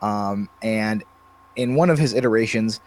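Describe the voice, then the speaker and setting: A man's voice: fairly low pitch, a little slow. A man co-hosting a podcast and chatting casually about running tabletop games, hesitant and full of restarts. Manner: hesitant, many fillers and restarts. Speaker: podcast co-host and game master. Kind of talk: casual chat.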